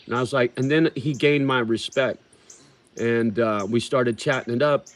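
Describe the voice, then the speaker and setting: A man's voice: mid-range voice, moderate pace. A man hosting a livestream, chatting casually with viewers in a profane, rambling and heartfelt way. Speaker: livestream host.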